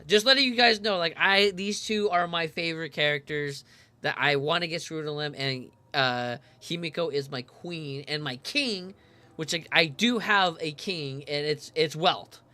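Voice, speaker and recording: Excitable, bright-voiced man reacting to a game. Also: fairly high pitch, a little slow, dry recording. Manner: excitable, chatty, filler-heavy, laughs often. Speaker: game streamer. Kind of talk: casual game commentary.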